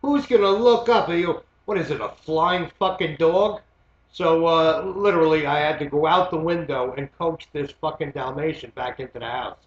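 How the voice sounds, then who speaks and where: A man's voice: on the high side, normal speed. A man, hosting a show and telling a story in a rambling, profane way, full of "uh" and "you know". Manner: rambling, profane, many fillers. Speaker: host. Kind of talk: casual storytelling monologue. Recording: echoey muffled lo-fi home recording.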